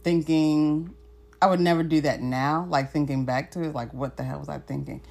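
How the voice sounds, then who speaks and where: A young woman co-hosts a casual podcast and tells a story. Her voice sits a little low, and she laughs often. She jumps sharply higher when she quotes herself. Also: fairly even intonation, normal speed, vocal fry, darkish tone. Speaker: podcast co-host.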